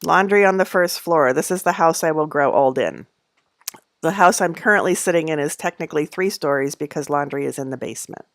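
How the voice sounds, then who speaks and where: A middle-aged woman talks casually to her viewers from home, rambling along with plenty of fillers and soft laughs. Her voice sits on the low side for a woman and is recorded dry and close, with no room echo. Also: brisk. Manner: coos in a high voice at her cats. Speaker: knitting channel host. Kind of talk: casual livestream chat.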